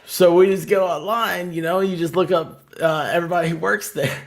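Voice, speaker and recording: A man hosting a casual group chat, telling joking stories in a lively way. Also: sits high, brisk, creaky. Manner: animated storyteller, lively and joking. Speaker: host.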